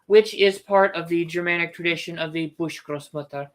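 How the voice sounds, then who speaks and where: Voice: medium pitch, fairly even intonation, normal speed, hardly any pauses, fairly bright tone. An author hosting a casual book livestream, thinking aloud with restarts and firm opinions.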